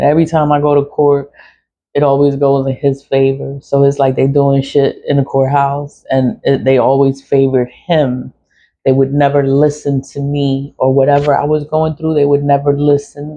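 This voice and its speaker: A woman's voice: rumbling low, completely flat delivery, normal speed, mellow. A middle-aged woman, telling a personal story in a blunt, swearing, venting way with laughs. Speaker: vlogger. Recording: dull lo-fi audio.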